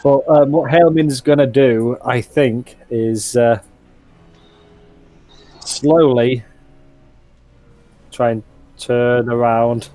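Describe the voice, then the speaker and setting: A man's voice: mid-range voice, steady tone, extremely slow, pauses often, dark tone, dry recording. A man playing a tabletop game, thinking aloud with hesitant restarts as he plans his character's moves. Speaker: player.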